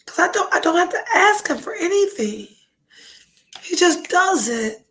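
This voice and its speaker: A woman's voice: very high voice, big pitch swings, measured pace, fairly bright tone, low-quality recording. A woman hosting a podcast, talking candidly and bluntly with frequent swearing, her nose stuffed up from a cold. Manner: blunt, profane, emotionally open. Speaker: podcast host.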